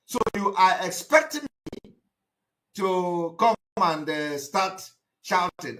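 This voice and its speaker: A man giving a live broadcast monologue, emphatic and repetitive, breaking into shouted outbursts. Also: high-pitched, animated, takes it slowly. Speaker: activist broadcaster.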